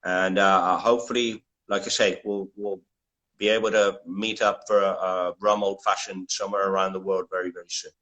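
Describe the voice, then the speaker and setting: A lower-pitched man with an Italian accent hosts a casual interview over a video call. His voice is bright and forward. He talks haltingly, restarting his phrases often. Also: little pitch movement, rough recording. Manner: hesitant, many restarts, switches to translate. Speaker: interview host.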